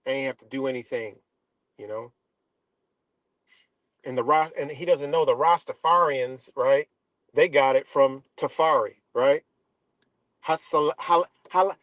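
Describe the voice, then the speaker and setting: Man, live stream host, casual profane rant, emphatic, fairly high voice, dry close sound. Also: a little slow, pauses often, a bit bright, no room sound. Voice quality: dreadlocks wearer talking in a loose, street-casual way. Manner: profane, emphatic, repeats "right?" and "you know?".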